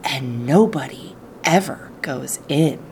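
A woman voicing an old grandfather telling secrets in an audiobook reading, speaking low, hushed and confiding. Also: very animated, measured pace, a little hiss or hum.

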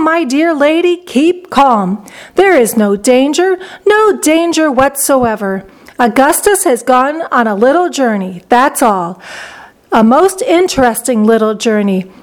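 A woman reading a storybook aloud and voicing an eccentric, excitable chocolate-maker with a theatrical, exclaiming manner. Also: sits high, a little slow.

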